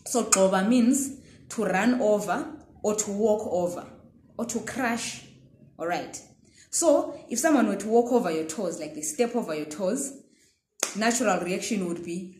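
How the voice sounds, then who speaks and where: A woman's voice: mid-range voice, animated, darkish tone, a little hiss or hum. Patient woman teaching pronunciation in an echoey room. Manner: patient, repeats words slowly, frequent "okay". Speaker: language teacher. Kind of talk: pronunciation lesson.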